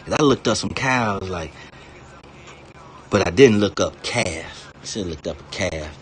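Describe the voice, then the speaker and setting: Man, lowish voice, loose profane rambling rant, streamer energy, faint background noise. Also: expressive, a little slow. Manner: profane, laughs between lines, digresses freely.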